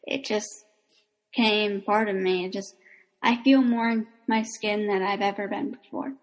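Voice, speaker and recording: A woman's voice: mid-range voice, steady tone, unhurried, poor audio. A woman on a casual panel speaking earnestly and reflectively. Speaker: panel guest, artist.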